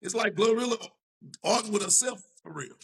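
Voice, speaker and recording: Talk show co-host: man with a high, very gravelly voice, laid-back and opinionated. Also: animated, brisk, a bit bright. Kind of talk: casual podcast chat.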